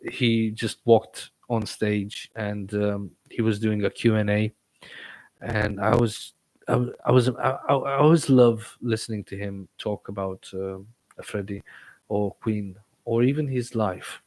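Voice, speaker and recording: With no room sound, a man's fairly low, slightly mellow voice comes through in even, unhurried tones. He's a livestream host in casual chat, rambling with many stammered restarts, his learned, faintly British-tinged English slightly impeded by a toothache.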